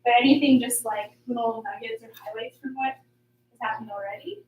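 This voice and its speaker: A woman's voice: fairly high pitch, steady tone, moderate pace, a little mellow, far from the mic. A woman life coach hosting a small workshop group, talking in a chatty, upbeat way with many fillers. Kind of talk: casual group workshop talk. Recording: echoey room, voice from off-mic.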